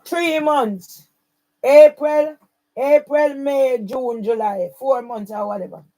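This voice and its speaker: A woman's voice: on the high side, animated, slow pace, darkish tone, poor audio. A woman, running her own channel, speaking straight to camera in an angry, accusing and repetitive way. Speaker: channel owner. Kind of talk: angry direct-to-camera rant.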